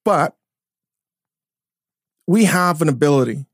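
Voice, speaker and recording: A man co-hosting a casual podcast, talking in an animated way, swearing often and restarting his sentences. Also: on the high side, takes it slowly, breathy edge, no room sound, clean studio sound. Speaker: podcast co-host, chef. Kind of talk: casual chat. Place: studio.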